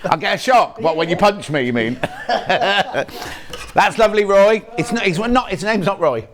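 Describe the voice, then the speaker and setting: With a crowd in the background, a man with a high, expressive voice hosts live TV sales chat from a shopping channel studio. He speaks unhurriedly, joking with the crew and reading out viewer messages.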